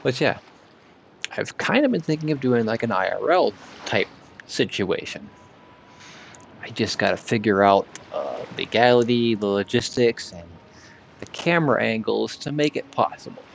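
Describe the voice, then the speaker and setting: A man's voice: on the low side, expressive, moderate pace, creaky, a little hiss or hum. A man streaming while gaming, chatting in a rambling way and slightly slurring his words. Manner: rambling, full of "like" fillers. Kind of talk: casual live-stream chat while gaming.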